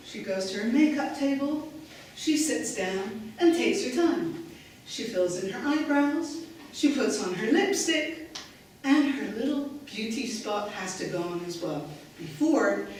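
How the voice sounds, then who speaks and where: Woman telling a story slowly in an echoey hall. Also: on the high side, recorded from a distance, slight background noise. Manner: storytelling, emphatic. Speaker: speaker. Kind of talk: inspirational stage talk.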